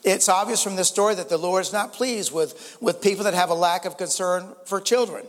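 Older preacher man, earnest, fairly high. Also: brisk, big-room sound. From United States. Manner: earnest, repeats words, rises in emphasis. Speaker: pastor. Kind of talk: sermon.

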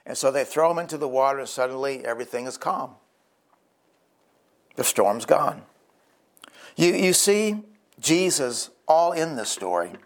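A man's voice: mid-range voice, expressive, a little slow, long pauses. A male pastor preaching a sermon in an earnest, conversational storytelling way.

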